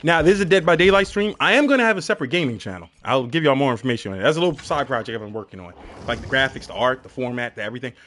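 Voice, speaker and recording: A man streaming a game and chatting casually, telling stories with lots of profanity and shouting out crowd reactions. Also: medium pitch, racing, a little hiss or hum. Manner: profane, animated storytelling with shouted crowd imitations.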